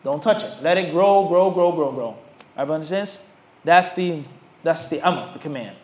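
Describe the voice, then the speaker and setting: A man with a high-pitched voice teaches a religious class. He is emphatic and animated. He keeps putting questions to his listeners and pausing for them to fill in the answer. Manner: rhetorical questions asked to the audience. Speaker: Islamic teacher.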